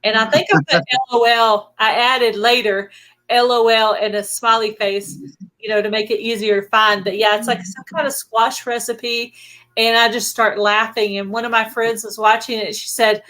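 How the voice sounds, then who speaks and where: Bright, giggly woman hosting a live chat. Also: on the high side, steady tone, moderate pace, low-quality recording. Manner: chatty, giggly storyteller. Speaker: host. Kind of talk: casual live-stream interview chat.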